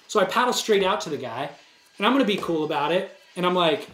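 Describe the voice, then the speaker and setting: A man with a high voice, chatting casually on a podcast. He tells stories with animation and acts out the other people's lines. The sound bounces around a roomy space. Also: quick pace. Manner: animated storyteller, acts out dialogue. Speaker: co-host telling a story. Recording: roomy echo.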